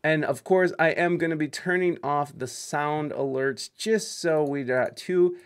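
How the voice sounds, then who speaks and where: Fast-talking chatty male host. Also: fairly high pitch, smooth. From Ohio, United States. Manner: fast, chatty, rambling with many fillers. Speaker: podcast host. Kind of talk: casual interview on a live stream.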